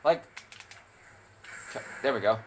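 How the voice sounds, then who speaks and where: A man's voice: medium pitch, lively intonation, slow pace, a bit bright, a little hiss or hum. A young man casually commentating a video game, rambling and opinionated, with frequent swearing. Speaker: gameplay commentator. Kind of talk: casual let's play commentary.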